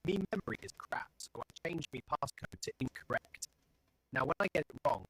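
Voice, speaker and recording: A man delivers quick one-liner jokes flat and deadpan, yet his pitch swoops up and down. His voice is a little husky, recorded close and dry with no room sound. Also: no room sound, poor audio. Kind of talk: reading jokes.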